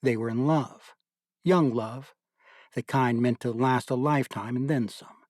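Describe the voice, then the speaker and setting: Brief: male audiobook narrator, mid pitch, dry close studio sound, measured delivery. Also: fairly even intonation, a little mellow, no room sound. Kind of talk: scripted narration.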